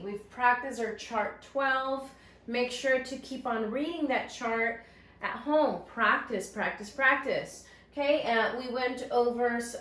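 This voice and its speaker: A woman teaching first-grade phonics, her fairly high voice drawing out each word very slowly so young children can echo it. She praises the class often and keeps her tone encouraging. The room has a noticeable echo. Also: a bit bright. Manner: slow, drawn-out word modeling with encouraging praise. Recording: echoey room sound.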